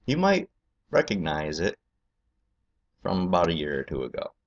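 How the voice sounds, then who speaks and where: Low male host, profane rambling rant, muffled lo-fi sound. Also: wildly swooping pitch, normal speed. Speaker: political video host. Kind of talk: profane ranting commentary.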